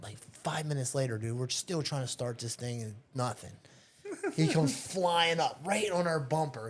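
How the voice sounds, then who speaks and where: A man hosting a casual chat at home, telling a story with lots of swearing and laughter. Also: mid-range voice. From Pittsburgh, USA. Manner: profane, animated storyteller, laughs often. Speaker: podcast host. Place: childhood home.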